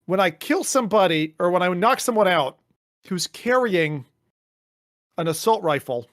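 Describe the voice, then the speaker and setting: Animated man co-hosting a podcast. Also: high-pitched, normal speed, no room sound, clean studio sound. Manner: animated, mimics voices, swears casually. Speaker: podcast co-host. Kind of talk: casual chat.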